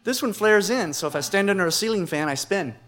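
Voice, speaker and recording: Animated man spinning a comic tale. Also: sits high, quick pace, background noise. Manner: animated, playful comic delivery. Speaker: comedian. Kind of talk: stand-up storytelling.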